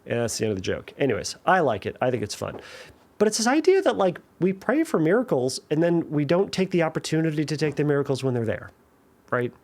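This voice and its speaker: A man hosting a podcast, talking casually and answering a listener's question, with frequent fillers and restarts. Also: fairly high pitch. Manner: conversational, many fillers and restarts, tells jokes with animated voices. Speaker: podcast host. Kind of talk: casual chat.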